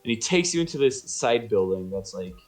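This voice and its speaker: A man's voice: mid-range voice, animated, fairly quick, a little mellow, soft background music. A man narrating as game master in a casual tabletop session, his voice sore, talking loosely with lots of fillers. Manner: loose, filler-heavy, laughing.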